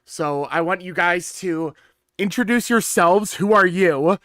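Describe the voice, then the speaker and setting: A man with a bright, crisp voice hosts a tabletop game. He jokes and talks loosely, tossing in quick asides. The sound is dry and close. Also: high-pitched, no echo. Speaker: game master. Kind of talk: casual game intro chat.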